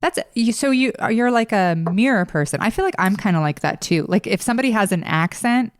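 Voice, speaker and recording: A woman's voice: mid-range voice, expressive, brisk, dry recording, clean studio sound. A middle-aged woman hosting a podcast, talking in a friendly, chatty way and laughing easily. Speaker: podcast host. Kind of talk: casual podcast conversation.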